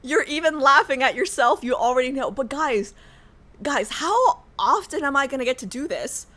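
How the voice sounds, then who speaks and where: An American woman streaming a game, chatting casually with her viewers in an animated, joking way. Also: sits high, moderate pace. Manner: animated, joking, talks to chat. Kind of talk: casual livestream chat.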